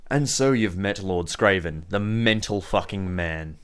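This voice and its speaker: A man with a low voice runs a tabletop game as game master. He narrates in a loose, casual way, tossing in swearing and laughter. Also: unhurried, clean tone.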